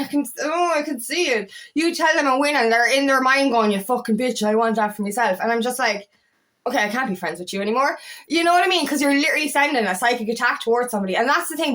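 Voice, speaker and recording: Heated, blunt woman coach, higher voice. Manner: blunt and heated, swears often, animated rants. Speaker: feminine empowerment coach. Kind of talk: casual talk to camera.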